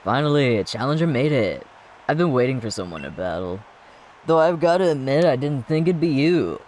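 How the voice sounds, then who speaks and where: Cocky young male rival, laid-back surfer drawl, mid pitch, read by a man. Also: very animated, a little fast, a little mellow, a little hiss or hum, close to an everyday voice. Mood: boastful.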